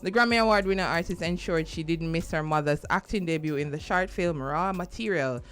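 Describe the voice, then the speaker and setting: A woman's voice: fairly low pitch, a little fast, fairly bright tone. A woman reading entertainment news on a radio morning show, with chatty asides.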